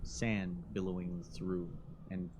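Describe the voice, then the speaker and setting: Game master narrating slowly. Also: sits low, little pitch movement, background noise.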